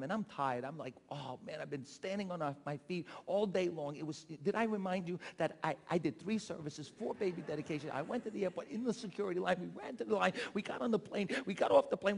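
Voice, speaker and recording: A middle-aged man preaching a sermon, telling a personal story in an animated way and shouting out quoted voices. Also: sits high, gravelly. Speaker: pastor. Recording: long hall reverb.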